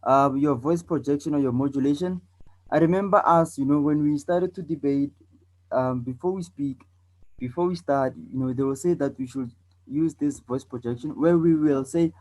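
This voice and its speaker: A South African man teaches a debate lesson in a slightly high voice, captured on a rough recording. He repeats his points and keeps checking in with "okay?" and "all right". He shows the class what loud and soft, fast and slow speech sound like.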